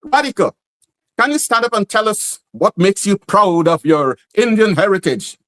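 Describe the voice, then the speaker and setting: A man's voice: high voice, big pitch swings, normal speed, a bit bright, no echo, clean studio sound. A man with a Guyanese accent voicing a stern male schoolteacher who barks questions and commands at his pupils. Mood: questioning. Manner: barking commands at a class.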